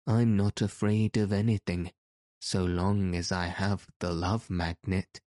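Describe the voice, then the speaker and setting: Man voicing a shaggy storybook wanderer, calm, polite, deep voice, slow, mellow. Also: dry recording, studio quality.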